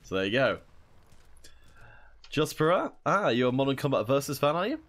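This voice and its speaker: Very animated and a bit bright, a young man's mid-range voice moves at normal speed as he casts a mobile shooter tournament by himself. In between plays, he reads and chats with viewers.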